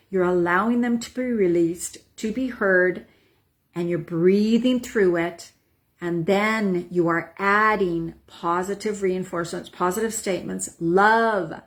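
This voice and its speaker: A woman in her forties, a wellness coach, calmly guiding a tapping practice and checking in with "right?" and "okay?". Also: medium pitch. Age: 40s. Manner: soothing affirmations with frequent "right?" and "okay?". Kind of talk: guided self-help demonstration.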